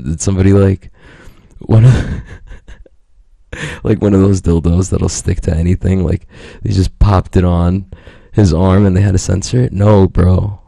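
A man's voice: low-pitched, fairly even intonation, moderate pace, vocal fry, warm tone, dry recording, studio quality. A man telling a story in casual podcast chat, rambling, profane and joking.

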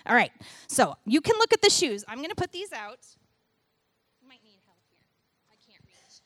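A middle-aged woman giving a sermon with a children's object lesson, animated and playful as she talks to the kids and the congregation. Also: high-pitched, normal speed. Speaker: church speaker giving a children's message.

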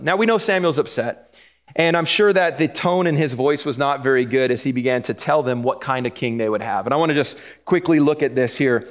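A man's voice: medium pitch, a little fast. A man preaching a sermon in a conversational way, explaining each verse with asides and chuckling between points. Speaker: pastor.

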